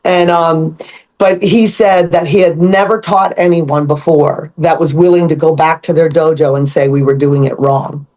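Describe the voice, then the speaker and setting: An older woman, a karate instructor on a podcast, telling stories in a lively, laughing way. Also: low-pitched, normal speed. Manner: animated storyteller, laughs often. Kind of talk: casual chat.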